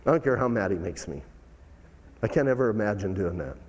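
A man preaching a sermon as pastor, animated, full of rhetorical questions and big swings in tone. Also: on the low side, fairly quick, in a large hall.

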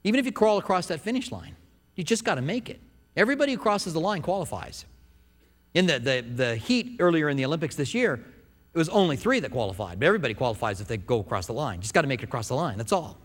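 A man's voice: fairly high pitch, big pitch swings, fast, a bit bright, big-room sound. A man preaching a sermon in a church, earnest and conversational, often restarting his phrases. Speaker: pastor. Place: church sanctuary.

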